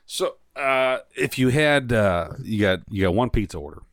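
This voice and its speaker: A man co-hosting a casual podcast chat, teasing his friends and asking questions. His voice moves lively in pitch. It is recorded dry and close. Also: moderate pace, no echo. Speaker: podcast co-host.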